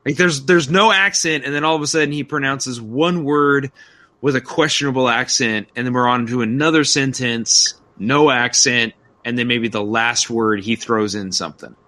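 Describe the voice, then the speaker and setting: A man with a bright, forceful voice talks through a film review. He sounds animated and incredulous, trips over restarts, and circles back to the same complaint. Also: mid-range voice, moderate pace. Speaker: podcast co-host. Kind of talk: casual film review chat.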